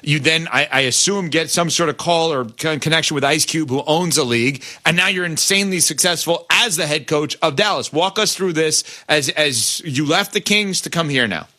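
A male sports show host runs through a clipped intro and then leads an interview. He speaks briskly. His voice is bright and edged. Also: a little high. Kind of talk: interview hosting.

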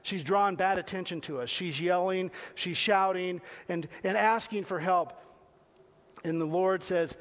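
Man, conversational preacher with a high voice, asks the congregation questions and repeats phrases. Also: fairly even intonation, normal speed. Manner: talks directly to listeners with questions, repeating phrases. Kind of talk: conversational sermon.

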